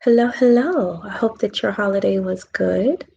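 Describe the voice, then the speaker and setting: A woman vlogger in a relaxed self-care chat, talking softly and drawing out her words, often dropping into a whisper. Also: medium pitch, creaky, slightly rough, highs cut off. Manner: slow, drawn-out, soft, drifting into whispers.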